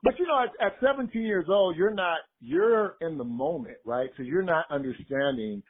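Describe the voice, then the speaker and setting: A man who directs gospel choirs, speaking as an interview guest in a relaxed, reflective way and often checking in with "right?". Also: fairly high pitch, normal speed, slightly rough. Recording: tinny phone-like line.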